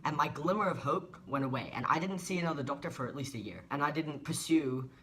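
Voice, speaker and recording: A man's voice: on the high side, quick pace, fairly bright tone, slight background noise. Young aussie guy, twenties, earnest and a bit emotional, talking straight to camera. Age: 20s. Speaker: vlogger. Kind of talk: personal vlog monologue.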